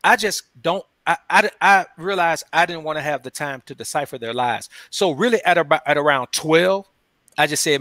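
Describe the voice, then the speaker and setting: Brief: male interview guest, loose slangy storyteller, fairly high bright voice. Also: a little fast, no echo, clean studio sound. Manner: loose, slangy storytelling, says "man" constantly. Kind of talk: casual interview talk.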